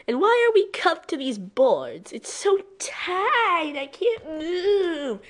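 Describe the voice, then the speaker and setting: A refined, easily offended female pony from a cartoon world, as a woman reader puts her on, prim and indignant. Her voice is pitched fairly high and swoops in a lively way. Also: slow pace, heavily acted.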